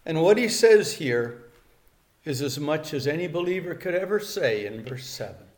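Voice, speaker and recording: A man's voice: on the high side, very animated, moderate pace, darkish tone. An older man preaching a sermon in an earnest way, repeating key phrases for emphasis.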